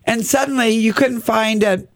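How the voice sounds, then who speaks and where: A man's voice: sits high, fairly even intonation, normal speed, vocal fry, dry recording. A man hosting a call-in radio show, chatting casually with a guest and callers into a close studio mic. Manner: chatty, conversational.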